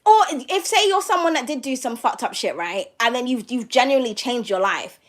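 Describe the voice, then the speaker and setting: A woman's voice: a little high, lively intonation, a little fast. A woman tarot reader ranting to her viewers from home, blunt and profane, firing off mocking rhetorical questions. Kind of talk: casual rant to a live audience.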